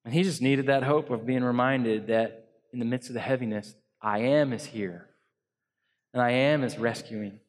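A man preaching an earnest sermon as pastor to a congregation, swinging between loud emphasis and soft hushed lines. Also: medium pitch, normal speed, big-room sound. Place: church hall.

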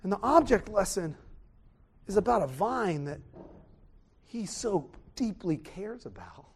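A man preaching a sermon, animated, swinging from loud exclamations to hushed tones. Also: high-pitched, a little slow, gravelly, breathy edge.

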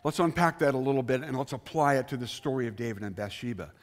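A man preaching a sermon as pastor, earnest, rising on key words and then dropping softly. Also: mid-range voice, lively intonation, fast. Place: church sanctuary.

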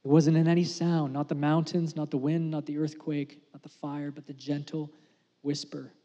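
A man preaching a sermon as pastor, earnest and conversational, dropping to a hush for emphasis. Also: on the high side, little pitch movement, moderate pace, in a large hall, muffled recording. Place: church sanctuary.

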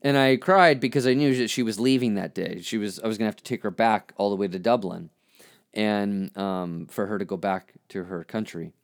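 A man telling a candid personal story as a podcast host, halting and reflective, often restarting his sentences. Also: fairly low pitch. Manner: frank, self-critical.

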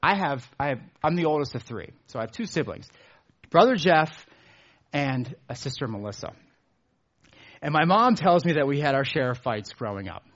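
A man preaching a sermon, earnest, rising in emphasis and then dropping low on his key words. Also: expressive, moderate pace, a bit bright, lo-fi sound. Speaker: pastor.

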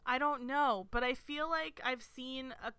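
A woman co-hosting a podcast in casual, rambling chat full of restarts. Her voice is bright and smooth, and the recording is dry and close. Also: high-pitched, a little slow, no room sound. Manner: chatty, rambling with many restarts and "like". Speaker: podcast co-host.

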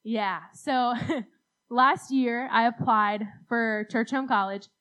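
A woman's voice: a little high, fairly even intonation, slow, bright, forceful tone, clean tone, muffled recording. A young woman telling a rambling, self-deprecating story at a church talk, laughing often. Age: young adult. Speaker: speaker at a church youth talk.

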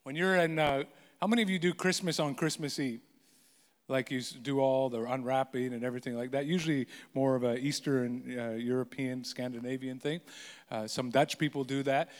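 A man's voice: mid-range voice, steady tone, moderate pace. A man in his fifties, a pastor telling funny stories from his own life during a sermon, self-deprecating and joking with the congregation. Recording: hall reverb.

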